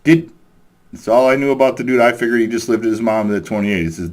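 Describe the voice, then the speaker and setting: A man's voice: medium pitch, fast talker. A man telling a story in a profane, exasperated rant, chuckling as he goes. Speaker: vlogger ranting about a coworker.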